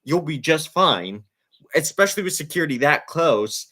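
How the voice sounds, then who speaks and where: A man's voice: fairly high pitch, animated, moderate pace, bright, forceful tone. A man hosting a casual sports talk show, emphatic and incredulous as he breaks things down. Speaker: podcast host.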